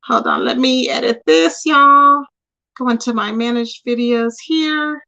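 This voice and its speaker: Woman livestreaming, high voice, aave, gossipy and chatty with her chat. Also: unhurried, creaky, sharp tone, lo-fi sound. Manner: chatty, talks to viewers directly. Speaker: livestream host.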